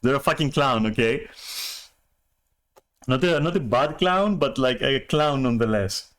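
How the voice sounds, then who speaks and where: A man's voice: medium pitch, expressive, measured pace, fairly bright tone. A man telling a story on a stream in a rambling, profane way, full of restarts and chuckles. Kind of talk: casual storytelling rant.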